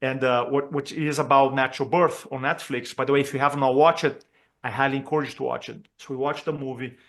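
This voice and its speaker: A man from Brazil, a communication trainer telling a personal story during a talk for chiropractors, earnest and expressive as he acts out the dialogue. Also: mid-range voice, quick pace. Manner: earnest and expressive, acts out quoted dialogue, with frequent fillers and restarts.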